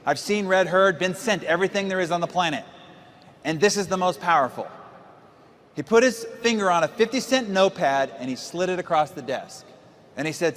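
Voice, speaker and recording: A motivational speaker from the United States, a man in his forties, gives a seminar talk to a live audience, emphatic and full of rhetorical questions. His voice is high-pitched and fairly bright, a little fast, with a big-room sound.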